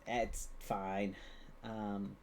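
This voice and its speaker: A man's voice: lowish voice, level tone, extremely slow. A man narrating as game master of a tabletop game on a live stream, rambling with frequent ums and restarts and laughing easily.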